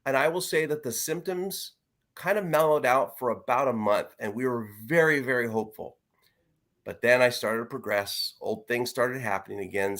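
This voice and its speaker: A middle-aged man, an interview guest, telling a personal story in an earnest, reflective way with halting restarts. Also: mid-range voice, creaky, a bit bright.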